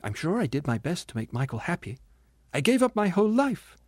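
A man's voice: a little high, big pitch swings, a little fast, no echo, clean studio sound, voice pushed up. A male narrator voicing a grieving woman's ghost who speaks sharply and reproachfully in an audiobook. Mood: indignant, bitter. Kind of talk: audiobook character reading.

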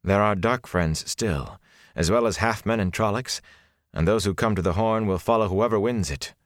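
A man voicing a calm, stern woman sorceress in an audiobook, speaking in a measured, flat way. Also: sits low, dry recording, studio quality. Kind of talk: audiobook character voice.

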